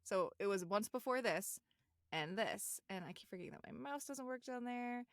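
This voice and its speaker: A woman co-hosting a podcast, chatting casually about a cartoon episode, giggling often and quoting lines in quick voices. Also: a little high, lively intonation, no room sound, studio quality. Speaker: podcast co-host.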